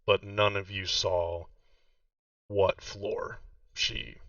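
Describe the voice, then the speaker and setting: A man's voice: deep voice, flat delivery, extremely slow, a bit bright, no echo. A man narrating a tabletop game as game master, rambling with many fillers. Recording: distant muffled mic.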